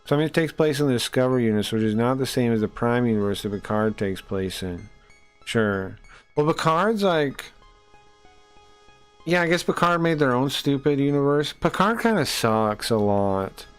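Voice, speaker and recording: A man's voice: medium pitch, lively intonation, normal speed, clear, resonant tone, faint music behind. A man streaming a game, chatting casually in a loose, rambling, profane way. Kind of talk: casual live-stream chat while playing.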